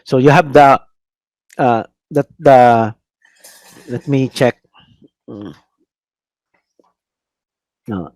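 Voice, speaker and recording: A man's voice: mid-range voice, drawn-out words, pauses often, a little mellow, no echo. A man with a Filipino accent, a priest giving a classroom lecture, drilling pronunciation and tagging sentences with "no?", often hesitating with fillers. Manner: hesitant, many "uh" fillers and restarts. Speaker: priest lecturing on biblical Hebrew.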